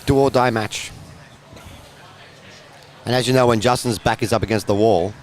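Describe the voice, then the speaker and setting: A man's voice: medium pitch, steady tone, moderate pace. A man commentating live on a pool match, chatty and explaining the play to viewers.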